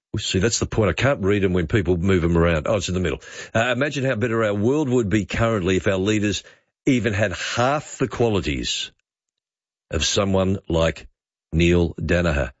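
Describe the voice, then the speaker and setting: A man's voice: lowish voice, no room sound. A male talkback radio host who muses aloud and reads out listener texts. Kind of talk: late-night talkback radio. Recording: muffled radio broadcast.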